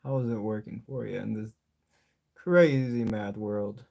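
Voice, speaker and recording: A man's voice: on the low side, steady tone, unhurried, gravelly, dark tone. A young man talking loosely while painting on a live stream, joking to himself and his chat and swearing freely. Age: young adult.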